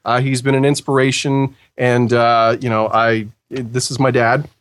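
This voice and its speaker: A man's voice: medium pitch, level tone, a little slow, fairly bright tone, clean tone. A Canadian man, a voice actor, chatting casually as a podcast guest, joking and rambling with lots of fillers. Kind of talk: casual chat.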